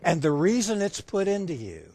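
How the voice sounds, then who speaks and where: Lively high-voiced male preacher. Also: moderate pace, no echo. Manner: engaging, asks the audience questions; acts out dialogue in the story. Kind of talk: sermon with a personal story.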